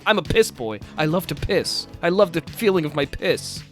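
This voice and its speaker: A man voicing a haughty, bratty rich young man, read in a crude, mock-haughty deadpan. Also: fairly high pitch, normal speed, faint music behind.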